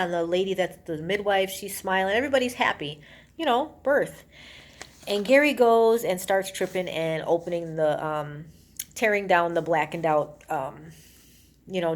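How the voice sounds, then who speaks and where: A woman reviewing a movie, retelling its plot in a casual, rambling way with many fillers and acting out the characters' lines. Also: fairly low pitch. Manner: rambling, full of "you know" and "um"; acts out characters' lines in a raised voice.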